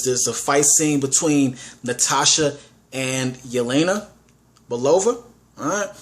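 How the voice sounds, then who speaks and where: Animated man reviewing a movie. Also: mid-range voice. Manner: enthusiastic, repeats "all right" and restarts words. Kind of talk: casual spoken review.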